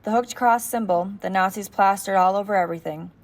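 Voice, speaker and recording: A woman's voice: medium pitch, fairly quick. A woman narrating an audiobook steadily in the first person as a boy.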